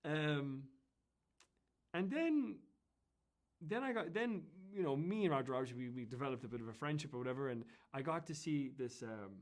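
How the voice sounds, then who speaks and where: An Irish man telling anecdotes as an interview guest, in a chatty, animated way that often breaks into laughter. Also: a little high, normal speed. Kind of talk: casual storytelling.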